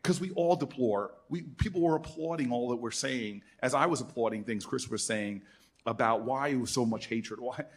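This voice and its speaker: A man in his fifties, a senator, telling animated stories at an alumni event and acting out the people he quotes. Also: mid-range voice, moderate pace, breathy edge. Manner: animated storyteller who acts out quoted voices. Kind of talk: storytelling speech.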